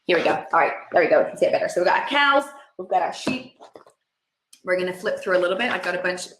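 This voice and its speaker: A woman speech and language therapist giving a webinar presentation and now and then breaking into playful, high, excited sound effects to show parents how. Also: fast, reverberant, a little hiss or hum.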